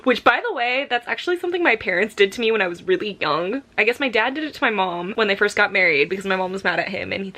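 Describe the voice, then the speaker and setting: A woman's voice: medium pitch, lively intonation, fast talker, few pauses, pushed and bright. A young woman chatting casually in a book vlog at home, gushing and anxious, with lots of fillers. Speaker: book vlogger.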